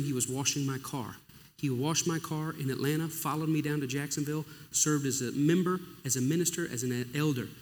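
A man's voice: medium pitch, slight background noise. Man preaching in a reverberant hall. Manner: emotional storytelling with acted-out dialogue. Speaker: pastor. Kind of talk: sermon testimony. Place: church or conference hall. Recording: long reverb of a large hall.

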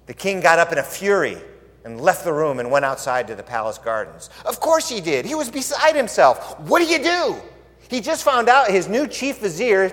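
Man, preacher, sermon storytelling, lively swooping voice, chatty, asks questions, echoey large hall. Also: high voice. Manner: animated, conversational, asks the audience questions.

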